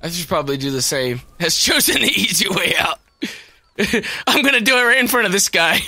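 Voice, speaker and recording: A man with a very high, bright voice chats through an online game session. He yells and laughs a lot, his pitch leaping around with a gravelly edge. The talk is loud, excitable and casual. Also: fairly quick, no echo. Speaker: gaming channel host. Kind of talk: casual gameplay chat.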